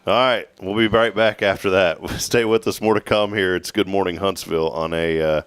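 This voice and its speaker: A man's voice: low voice, fairly even intonation, normal speed, fairly bright tone, clear, resonant tone, no room sound. A man hosting a morning radio show, chatting and laughing easily with his co-host. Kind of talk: casual morning show chat.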